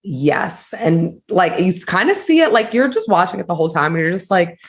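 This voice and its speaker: Low-voiced woman gossiping on a podcast. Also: fairly quick, slight background noise. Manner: gossipy, animated, lots of "like". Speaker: podcast co-host. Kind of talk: casual chat.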